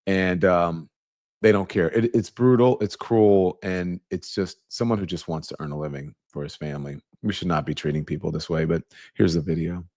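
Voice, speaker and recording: A man's voice: sits low, normal speed, darkish tone, dry recording, studio quality. A man hosting a live commentary stream, talking in a rambling, conversational way and growing indignant about the news. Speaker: host. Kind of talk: livestream commentary.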